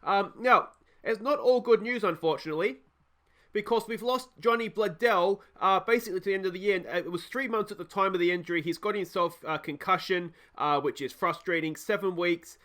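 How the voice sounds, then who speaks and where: A man's voice: high voice, brisk, pushed and bright. An Australian man hosting a let's play, chatting casually through game commentary with frequent ums and uhs.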